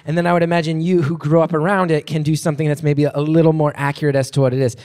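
A man's voice: a little high, level tone, rapid-fire, darkish tone, smooth, big-room sound. A man hosting a live podcast, chatty and self-deprecating, often restarting his sentences. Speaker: podcast host. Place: live venue before an audience.

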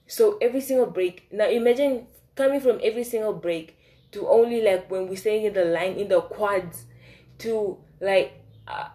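A young woman telling a casual storytime. She talks in a chatty, animated way, with lots of fillers and swearing. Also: mid-range voice, moderate pace. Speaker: vlogger.

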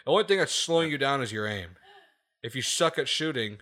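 On his casual podcast, a man rants forcefully in a bright, brisk voice of medium pitch with lively intonation. The profanity flows freely, he repeatedly asks "okay?", and he chuckles at the points he makes.

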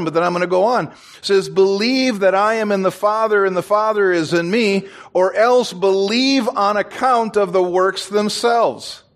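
A man, a pastor, preaching a sermon in an animated way and joking with his congregation. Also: high voice. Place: church.

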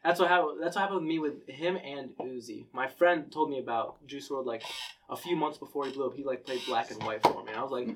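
A man's voice: medium pitch, fast talker, far from the mic, slight background noise. A young man, a comedian guest from Cincinnati, talking in a laid-back, joking way with plenty of swearing. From Cincinnati, Ohio. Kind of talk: casual chat.

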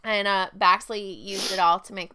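A young adult woman co-hosting a casual chat podcast, telling animated, profane stories and acting out what others said. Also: medium pitch, normal speed, clean tone, dry recording. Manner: profane, animated storytelling with quoted voices. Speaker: podcast co-host.

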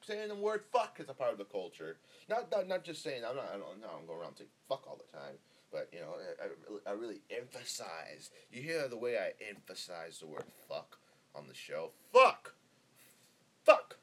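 This young podcast host from Northern California talks on the low side, a little fast, with big swings in pitch. Alone at a close microphone, he rambles through a profane, easygoing monologue thick with filler words.

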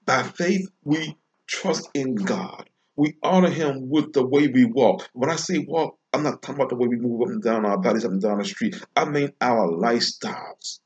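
A man delivering an informal devotional sermon, slow and emphatic, repeating phrases with long pauses. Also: medium pitch, darkish tone. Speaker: preacher.

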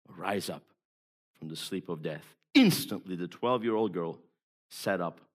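Emphatic male preacher, hushed to loud. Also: low-pitched, a little slow. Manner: emphatic, swings between hushed storytelling and loud exhortation. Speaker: evangelist preacher. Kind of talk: sermon.

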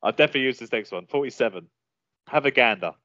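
A man's voice: medium pitch, racing, no room sound. A man hosting a casual podcast chat, reading through a list and laughing often. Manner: laughs often, lively banter. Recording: dull lo-fi sound, dry.

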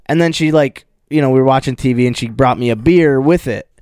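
A man's voice: mid-range voice, a little fast, a little mellow, clear, resonant tone, no room sound, clean studio sound. A young man chatting casually as a podcast co-host, agreeable and easygoing, telling small stories. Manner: easygoing, agreeable, tells little anecdotes. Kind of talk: casual chat.

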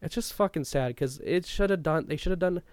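A young man co-hosts a podcast, chatting casually in a loose, rambling way and swearing often. His voice is on the high side and brisk, with no room sound.

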